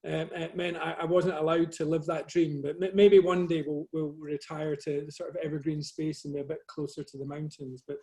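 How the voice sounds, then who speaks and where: A middle-aged man from Scotland with a soft Scottish accent, giving a modest, conversational talk about his photography over a video call. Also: a little high, level tone, a little fast, hardly any pauses. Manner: modest, conversational, self-deprecating. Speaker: guest speaker, photographer.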